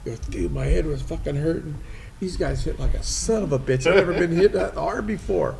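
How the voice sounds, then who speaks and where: A man's voice: on the high side, fairly quick, gravelly, mellow. A man hosting a live podcast, telling stories casually, swearing and acting out what others said. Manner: swearing storyteller, acting out quoted voices. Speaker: podcast host. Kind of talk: casual storytelling chat. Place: restaurant venue, live podcast. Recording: faint noise, live remote venue.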